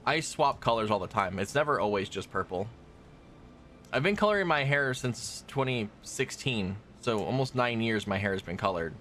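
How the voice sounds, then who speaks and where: Chatty young streamer, casual and rambling, mid-pitch voice, faint game ambience underneath. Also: male voice, fairly bright tone, slight background noise. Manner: chatty, rambling, talks to chat while playing. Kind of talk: casual gaming stream chat.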